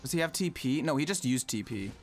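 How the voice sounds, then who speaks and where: A man's voice: medium pitch, animated, fast talker, gravelly. A man live-streaming gameplay, ranting in exasperation and swearing often as he plays. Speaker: gaming streamer. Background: game music and sound effects.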